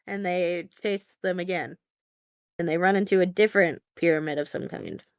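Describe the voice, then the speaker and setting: A woman hosting a podcast gives her friends a casual, rambling movie recap packed with fillers and wry comments. She speaks at normal speed in a smooth, clear, lowish voice. With no room sound, the recording is dry and a bit dull, much like a lo-fi home podcast mic.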